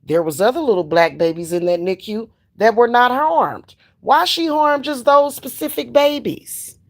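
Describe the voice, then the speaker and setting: An older woman delivers a fired-up, cursing monologue. Her voice sits a little high and she hammers her points with blunt emphasis. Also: normal speed. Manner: profane, animated, emphatic. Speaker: spiritual practitioner streamer. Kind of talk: casual ranting monologue.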